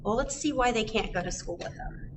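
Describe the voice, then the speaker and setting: A woman's voice: fairly high pitch, brisk. A woman reading a picture book aloud for a library storytime, chatting and asking children questions. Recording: distant mic, faint background noise.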